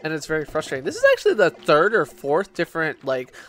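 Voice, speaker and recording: A man's voice: a little high, wildly swooping pitch, fast talker, fairly bright tone. A drunk man streaming games, rambling and swearing in casual chat, with lots of restarts and fillers. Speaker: game streamer.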